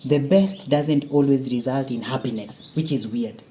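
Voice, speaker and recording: Low, mellow-voiced parent. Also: female voice, normal speed, a little hiss or hum. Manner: explains at length, firm and earnest. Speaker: parent co-hosting a family channel. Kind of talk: casual chat.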